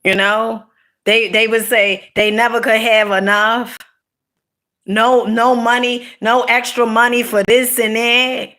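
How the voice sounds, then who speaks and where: Middle-aged woman, casual motivational talk, coaxing and direct, higher voice, bright and forceful tone. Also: flat delivery, takes it slowly. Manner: preachy, direct, coaxing with frequent "okay?" and "you know"; laughs between points. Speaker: motivational speaker.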